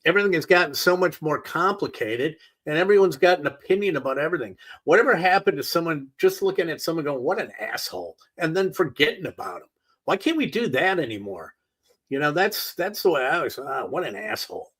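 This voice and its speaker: A man's voice: fairly high pitch, animated, fast talker, fairly bright tone, poor audio. A middle-aged man hosting a solo talk show, ranting in an exasperated, sarcastic and profane way. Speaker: podcast host. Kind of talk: opinionated solo rant.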